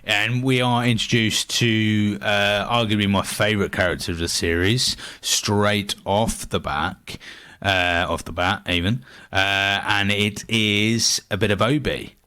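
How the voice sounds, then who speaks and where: British young man, podcast co-host, low bright voice, easygoing and halting. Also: fairly even intonation, clean tone. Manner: easygoing, hesitant, with many fillers. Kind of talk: casual chat.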